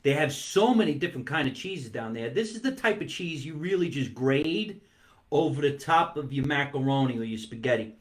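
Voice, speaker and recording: In a live-streamed comic monologue from his basement, a man banters playfully between bites, drawing out words to land the jokes. He talks at a moderate pace in an expressive, slightly high voice.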